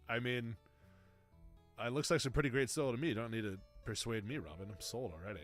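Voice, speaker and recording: A young man commentating his gameplay in a loose, animated way, joking and talking back to the screen. His voice sits in a middle pitch, and faint game music plays behind him. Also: quick pace. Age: young adult. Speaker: streamer.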